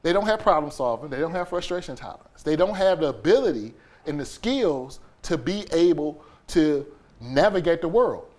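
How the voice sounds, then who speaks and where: Speaking at a moderate pace with a fairly high pitch, a man appearing as a podcast guest recounts a moving personal experience. He brings it to life animatedly, performing the scenes through voiced quotes and sound effects.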